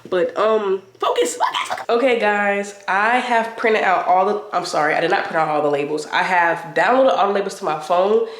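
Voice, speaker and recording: Woman vlogger, mid-pitched and stuffy from a cold, chatting upbeat to her camera indoors over a faint hum. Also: normal speed, few pauses. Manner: chatty, upbeat, talks straight to viewers. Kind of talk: casual vlog chat to camera. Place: indoors in a room at home. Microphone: compact camera mic.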